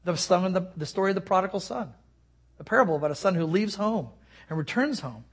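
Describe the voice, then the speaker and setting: A male pastor giving a sermon, telling stories earnestly and often dropping to a soft hush. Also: sits high, animated, fast talker, slightly rough.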